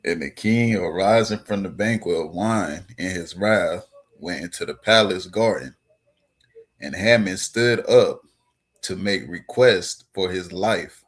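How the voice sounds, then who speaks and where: A man reading scripture aloud in a steady way, now and then stumbling on names. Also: sits low, unhurried, breathy edge. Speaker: scripture reader.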